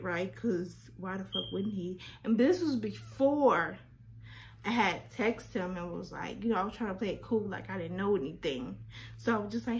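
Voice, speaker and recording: In a storytime vlog, a woman with a medium-pitched voice sounds animated and disbelieving. She rattles off rhetorical questions, repeats words, and drops to near-whispers for asides, over a slight hiss or hum.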